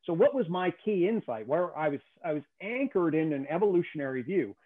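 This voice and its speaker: A man's voice: on the high side, expressive, brisk. A man as a guest explaining a theory in conversation, emphatic and often checking in with "okay?". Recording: tinny phone-like call audio.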